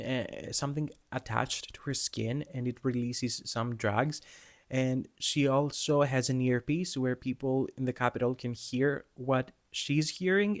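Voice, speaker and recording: A man giving a casual, animated book talk on his vlog, chatting through his thoughts and laughing often. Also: medium pitch. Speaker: book reviewer.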